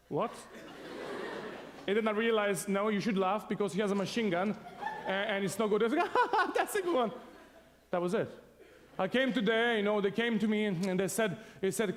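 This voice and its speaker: A man's voice: high-pitched, big-room sound. A man from Serbia tells a funny personal story to an audience, laughing often as he goes. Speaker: speaker telling his story to an audience. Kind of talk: humorous personal testimony.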